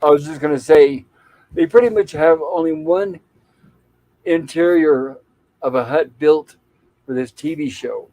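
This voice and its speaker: A man's voice: a little high, a little slow, pauses often, dark tone, dry recording, low-quality recording. A man casually retelling a TV episode scene by scene as a podcast co-host, quoting its lines in his own plain voice.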